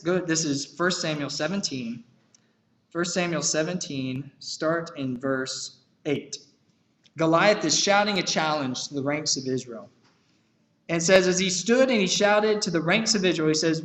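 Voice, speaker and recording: Guy preaching casual, says "like" a lot, kinda high voice, echoey church sound. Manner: conversational, lots of "like" fillers, animated emphasis. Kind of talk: casual sermon with scripture reading.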